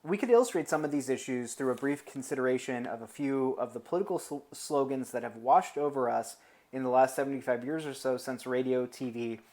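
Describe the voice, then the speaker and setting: American guy lecturing casually, lots of um and you know, wanders off topic, middle pitch. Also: a little fast, darkish tone. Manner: conversational and digressive, with frequent fillers and asides. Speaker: teacher. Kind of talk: informal classroom lecture.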